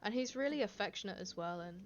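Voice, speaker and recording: A woman's voice: mid-range voice, animated, fast talker, highs cut off, slight background noise. Giggly woman streaming from home. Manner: chatty, giggly, reads chat aloud. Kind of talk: casual live-stream chat. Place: home, indoors. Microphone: desk microphone.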